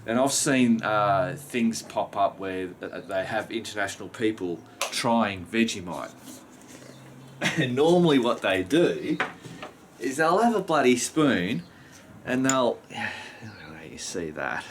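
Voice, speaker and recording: Aussie bloke rambling to his vlog camera, lowish voice, faint background hum. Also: sing-song, slow. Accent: Australian. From Australia. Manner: rambling, frequent mild swearing. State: just woken up. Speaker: vlogger. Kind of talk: casual chat to camera.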